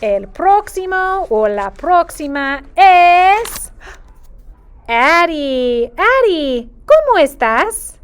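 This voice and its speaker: A woman with a very high-pitched, very animated voice teaches preschoolers Spanish in a video lesson. She uses a sing-song, patient teacher voice, drawing out phrases slowly and clearly.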